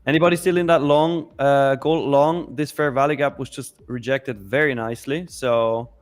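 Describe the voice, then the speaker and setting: A man's voice: mid-range voice, steady tone, normal speed. A man from India with an Indian accent, co-hosting a live trading stream, joking and calling out chart levels in casual chat. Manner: joking, calls out trade levels. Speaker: co-host of a live trading show.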